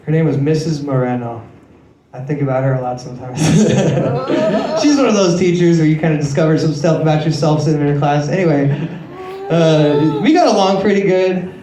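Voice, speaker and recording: Crude, self-mocking young comic on stage. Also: male voice, fairly high pitch, expressive, moderate pace, a crowd in the background. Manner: crude, self-mocking storytelling with frequent swearing. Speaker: stand-up comedian. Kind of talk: stand-up comedy set. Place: comedy club stage. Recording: echoey club room.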